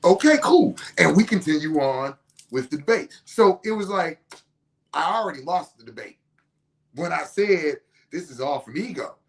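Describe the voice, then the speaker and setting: A middle-aged woman hosting a podcast, telling a story in a loose, animated, profane way and acting out what others said. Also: normal speed. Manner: animated and profane, acting out other people's lines with big pitch jumps. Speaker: podcast host. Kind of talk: casual storytelling.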